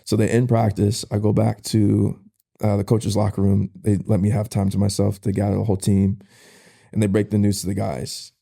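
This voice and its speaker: A young man, a podcast guest, casually telling a personal story in an emotional, halting way with slang. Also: on the low side, monotone, gravelly, dark tone. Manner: casual, uses slang like "bro".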